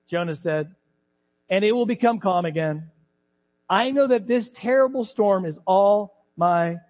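A middle-aged male pastor preaching a sermon, animated, acting out voices from the scripture story. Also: high voice. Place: church sanctuary. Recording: dull church recording with long reverb.

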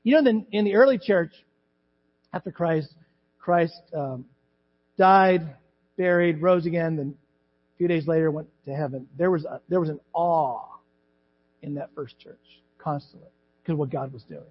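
A middle-aged male pastor preaching a sermon, animated, acting out voices from the scripture story. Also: fairly high pitch, moderate pace, pauses often, breathy edge. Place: church sanctuary. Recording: dull church recording with long reverb.

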